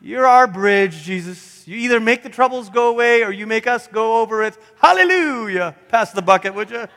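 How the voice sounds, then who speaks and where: Man, pastor, sermon, animated, acts out voices, long church reverb. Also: high-pitched, moderate pace. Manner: animated, acts out voices and sings snatches of songs. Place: church sanctuary.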